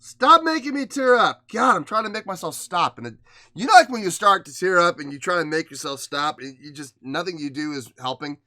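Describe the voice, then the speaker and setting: A man hosting a music reaction video, emotional and excitable, moving between hushed awe and loud outbursts. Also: high voice, brisk, no echo. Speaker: reaction channel host.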